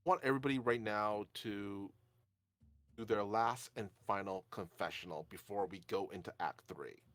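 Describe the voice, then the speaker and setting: A man as game master, calmly guiding players through a tabletop game session. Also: lowish voice, normal speed, no echo.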